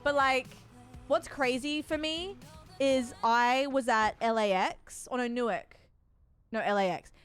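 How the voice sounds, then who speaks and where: A woman from Australia with a soft Australian accent, chatting casually with her viewers while streaming a game. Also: high voice, measured pace, faint music behind. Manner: chatty storyteller, talks to her chat by name. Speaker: livestreamer.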